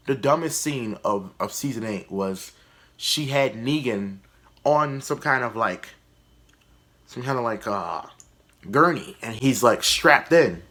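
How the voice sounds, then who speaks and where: In a casual vlog, a male YouTube comedian reviews a TV season, blunt, sarcastic and freely swearing. His mid-range voice stays conversational yet expressive, slow and sharp in tone.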